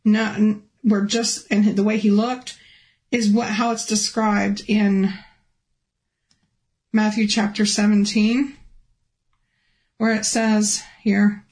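A woman telling a personal testimony in a halting, restart-filled way, her voice rising high and emotional when she recalls pleading. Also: little pitch movement, a little mellow, low-quality recording. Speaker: guest telling a near-death testimony. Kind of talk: personal testimony, casual storytelling.

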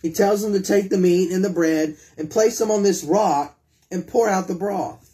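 A man's voice: high-pitched, normal speed, dark tone. A man preaching a sermon, retelling scripture in his own words and putting direct questions to his listeners.

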